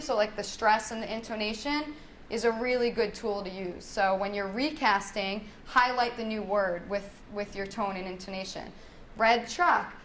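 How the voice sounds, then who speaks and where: Her mid-range voice is a bit bright, and a little hiss or hum sits under the recording. This young speech-language pathologist runs a parenting workshop in a workshop room, keeping it conversational, frequently tagging "right?" onto her points and demonstrating child talk in a singsong lilt.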